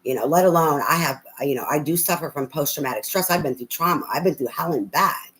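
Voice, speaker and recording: A woman's voice: deep voice, fast, a bit bright, poor audio. Profane, ranting woman tarot reader. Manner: rambling, many fillers. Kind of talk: live tarot reading with viewer chat.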